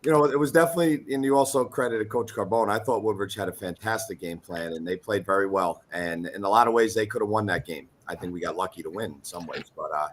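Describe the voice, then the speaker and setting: Low-voiced football coach, measured. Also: male voice, slight background noise. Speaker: high school football coach. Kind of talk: interview answers.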